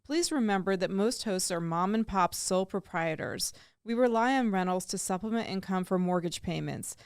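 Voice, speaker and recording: A woman's voice: mid-range voice, animated, moderate pace, clean tone, dry recording. A woman co-hosting a radio show, reading listener letters aloud in an upbeat, amused way into a studio microphone. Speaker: radio co-host.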